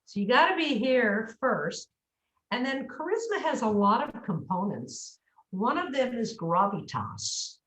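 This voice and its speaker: A woman's voice: on the high side, measured pace. A woman speech coach talking on a video call, explaining pronunciation and sounding words out as examples. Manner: animated, demonstrates pronunciation aloud. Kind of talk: coaching interview. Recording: echoey room.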